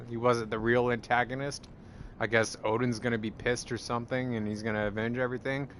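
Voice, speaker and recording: A man chatting casually, rambling and swearing, full of fillers and getting excited as he talks. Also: on the low side, a little fast, slight background noise. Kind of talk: casual chat.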